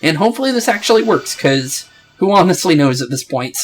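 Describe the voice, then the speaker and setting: A man's voice: on the high side, sing-song, fairly quick, faint music behind. Rambling man doing game commentary. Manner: rambling, joking, many fillers. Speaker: let's play host.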